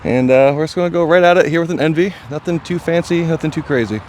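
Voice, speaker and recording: A man vlogging his disc golf round outdoors, chatting casually and getting excited and self-deprecating over his throws. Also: fairly high pitch, fast talker, a little hiss or hum. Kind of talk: casual play-by-play commentary.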